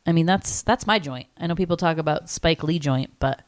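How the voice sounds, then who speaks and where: A woman's voice: deep voice, fairly quick, no echo, clean studio sound. A woman in her thirties co-hosting a podcast, chatting casually and rambling with many "like" fillers. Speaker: podcast co-host. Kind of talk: casual chat.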